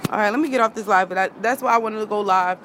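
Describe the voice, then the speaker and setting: Talking very fast in a mid-range, fairly bright voice, a woman goes live on her phone outdoors for an impassioned rant. She swears heatedly and keeps repeating her points, with a little hiss or hum in the audio.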